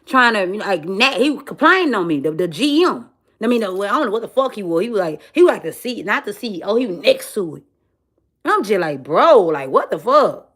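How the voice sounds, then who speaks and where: Animated profane woman telling a story. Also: mid-range voice, fast. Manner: animated, profane, repeats "friend" and "you know what I'm saying". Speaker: vlogger. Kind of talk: casual storytelling rant.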